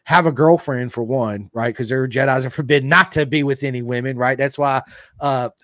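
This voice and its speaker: Keen male host, slangy and excitable, middle pitch, dry close recording. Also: brisk, dry recording. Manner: enthusiastic, says dude a lot. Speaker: podcast host. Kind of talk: casual interview chat.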